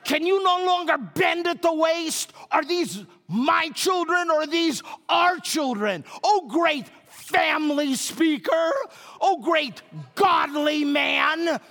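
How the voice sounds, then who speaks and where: A scolding wife in full sarcastic fury, shouting high and hard, put on by a man preaching. The voice rings out into a large reverberant hall. It is a mocking tirade delivered at full volume. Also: takes it slowly, exaggerated voice. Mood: furious, sarcastic. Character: furious scolding wife, adult woman.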